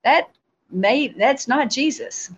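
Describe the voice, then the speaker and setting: A woman, a guest on a show, telling a spiritual testimony in an animated storytelling way, acting out her own replies. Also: sits high, slow, breathy edge, lo-fi sound.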